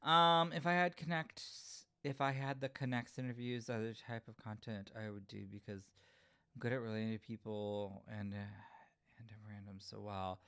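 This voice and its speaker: A man hosting a casual livestream, answering chat comments in an animated, giggly way. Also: mid-range voice, normal speed, clear, resonant tone. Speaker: livestream host reading chat.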